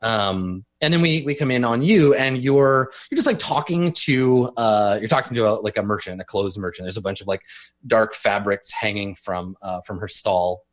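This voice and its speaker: A man's voice: on the low side, normal speed. Casual, rambling male game master. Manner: casual and rambling, many fillers and restarts. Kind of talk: narrating a tabletop role-playing game.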